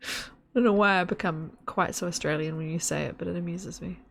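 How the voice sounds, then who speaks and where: A woman chats her way through a live game stream, rambling and giggling as she goes. Her voice sits low with a gravelly fry, and the talk is loose and off-the-cuff, aimed at her viewers. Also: brisk, a little hiss or hum. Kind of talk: casual live-stream chat while gaming.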